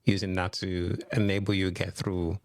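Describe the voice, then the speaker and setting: A man's voice: low voice, flat delivery, moderate pace, darkish tone. A man hosting a podcast, asking questions and encouraging his guest with short affirmations. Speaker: podcast host. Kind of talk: conversational interview.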